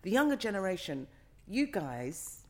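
Speaking unhurriedly in a very animated mid-range voice, a middle-aged actor chats as an interview guest. The conversation is casual, but she's passionate and emphatic, repeating phrases to stress them.

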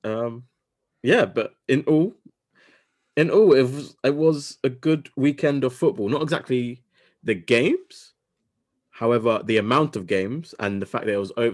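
A man hosting a casual sports podcast, talking quickly and correcting himself as he goes. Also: mid-range voice. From United Kingdom. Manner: quick, self-correcting, talks over himself. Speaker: podcast host.

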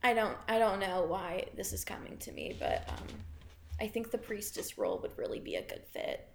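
A woman's voice: mid-range voice, huge pitch swings, moderate pace, vocal fry, slight background noise. A woman playing a tabletop game, chatting casually and unhurriedly with her group. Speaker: player.

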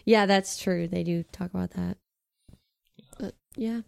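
A woman's voice: lowish voice, measured pace, vocal fry, smooth. A young woman co-hosting a podcast, chatting casually about a movie and quoting its lines. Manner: chatty, animated, quotes lines in put-on voices. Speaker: podcast co-host.

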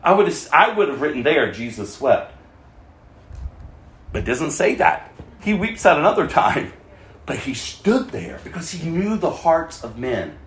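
A male pastor with a high voice delivers an impassioned, very animated sermon at a slightly slow pace. He moves between loud, emphatic lines and quiet, hushed asides, and the sound has a roomy echo.

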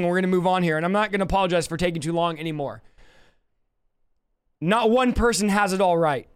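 A young man preaching a fiery sermon, shouting passionately in fast bursts and then slowing down for emphasis. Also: very high voice.

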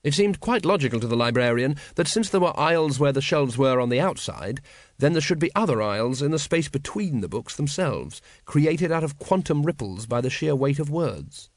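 A man narrating an audiobook in a measured, wry storytelling manner. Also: on the high side, expressive, dry recording, clean studio sound.

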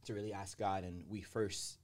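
A man hosting a podcast, encouraging and affirming, asking his guest questions in a relaxed chat. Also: low-pitched, normal speed. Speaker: podcast host. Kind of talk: casual podcast conversation.

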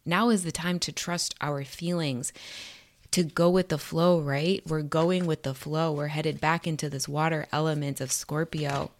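A woman with a slightly low voice gives a spiritual tarot and astrology reading straight to her viewers. She is earnest and encouraging, and she mixes in casual swearing and street slang. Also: steady tone, measured pace.

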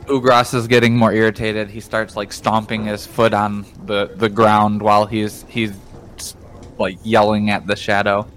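A man playing a tabletop game, describing his character's actions with halting fillers. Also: fairly low pitch, flat delivery, a bit bright, a little hiss or hum. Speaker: player. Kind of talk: tabletop role-play.

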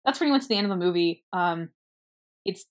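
Young woman, film-chat co-host, animated retelling, lower register. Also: brisk. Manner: animated storytelling, acting out quoted lines. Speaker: movie reviewer. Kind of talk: casual chat.

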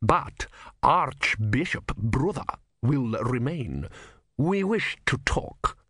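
A man voicing a cold, menacing male religious leader who speaks slowly, deliberately and sharply. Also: mid-range voice, big pitch swings, a bit bright, husky, no room sound, clean studio sound, heavily acted.

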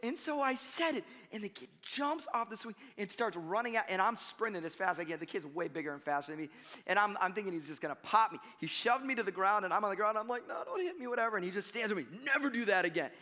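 Bright, high-voiced preacher in a hall. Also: male voice, fast talker. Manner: conversational, storytelling with self-deprecating laughs. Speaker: pastor. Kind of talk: sermon.

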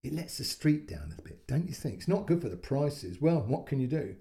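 A man's voice: medium pitch, very animated, fairly quick, gravelly, warm tone. A man reading a story aloud, voicing a friendly, easygoing neighbour of about fifty who talks in a chatty, colloquial way.

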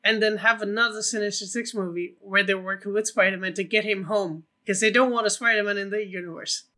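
A man with a high, bright voice co-hosting a casual film podcast. He pitches ideas eagerly, swearing freely and leaning on fillers as he goes. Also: steady tone, a little fast. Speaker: podcast co-host.

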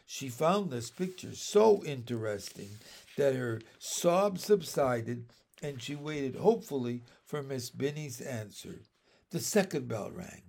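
A man narrating a children's book aloud in a measured, expressive storytelling manner. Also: a little high, gravelly.

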